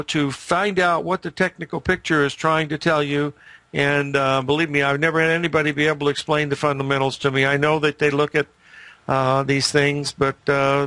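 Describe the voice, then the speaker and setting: A man's voice: a little high, pushed and bright, dry recording. An older man hosting a market show, telling rambling, emphatic stories in casual commentary.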